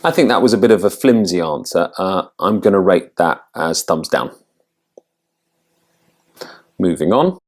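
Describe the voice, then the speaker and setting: A man with a deep, low voice talks through a quiz in a relaxed, casual way. He is an accent coach, and he thinks aloud, often stopping and starting over mid-sentence. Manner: thinking aloud, halting restarts.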